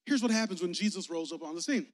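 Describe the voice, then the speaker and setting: Man, youth pastor, high voice, joking slangy preaching, acts out voices, echoing church sanctuary. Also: animated, fast talker. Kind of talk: lively comedic youth sermon. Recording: long reverb of a church sanctuary.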